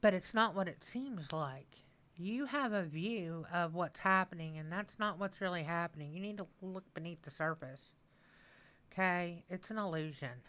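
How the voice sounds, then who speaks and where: A woman in her sixties with a somewhat low voice, chatting through a tarot reading. She talks in an animated, emotional way and repeats herself for emphasis. Her level drifts as she moves away from the mic. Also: moderate pace. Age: 60s. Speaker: tarot reader. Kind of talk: casual channeled tarot reading. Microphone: mic that she moves away from at times.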